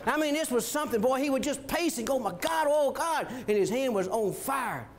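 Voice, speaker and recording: A man in ministry telling an animated childhood story, often chuckling. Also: very high voice, a little fast. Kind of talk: storytelling testimony.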